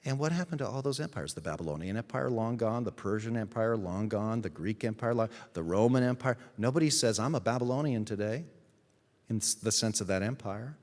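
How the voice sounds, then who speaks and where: A man, the pastor, giving a sermon in an emphatic storytelling manner with dramatic pauses. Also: fairly low pitch, animated, a little mellow, big-room sound. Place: church sanctuary.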